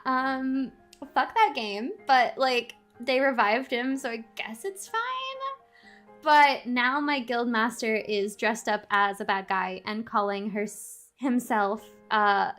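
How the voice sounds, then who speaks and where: A woman streamer in a casual live-stream rant, animated, swearing a lot and laughing often. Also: a little high. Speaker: VTuber streamer.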